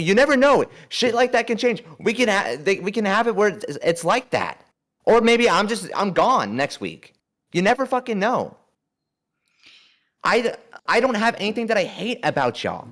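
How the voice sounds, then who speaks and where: A man's voice: high voice, sing-song, moderate pace, a bit bright. A man co-host talking bluntly in a casual talk show, swearing often while he apologizes.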